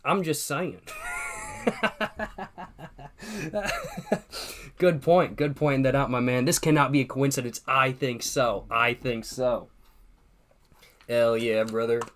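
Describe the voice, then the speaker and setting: A young man hosting a relaxed livestream, his voice sitting right in the middle of the usual male range. He drifts between topics, reads out viewer comments, swears casually and leans on slang like "bro" and "y'all", often saying the same line twice. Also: mid-range voice, measured pace. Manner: loose and profane, heavy slang, repeats himself, laughs often. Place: at home streaming with a drink at hand.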